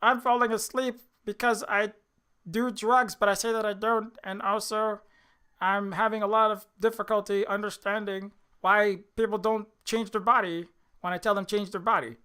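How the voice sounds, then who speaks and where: A man doing a mocking impression of a drowsy, befuddled older male pundit who talks slowly and rambles. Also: high voice, level tone, pushed and bright, smooth. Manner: slow, dazed, rambling mockery.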